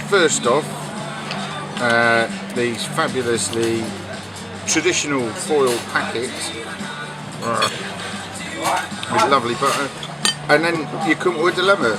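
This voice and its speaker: A man's voice: medium pitch, slow pace, long pauses, over loud music, low-quality recording. A man giving jokey, mock-patriotic travel commentary in a casual, rambling way. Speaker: travel vlogger.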